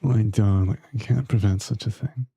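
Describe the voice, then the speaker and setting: A man putting on an exaggerated British accent to voice a prim, mock-polite gentleman with a genteel delivery. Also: on the low side, normal speed, husky, no echo. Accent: put-on British.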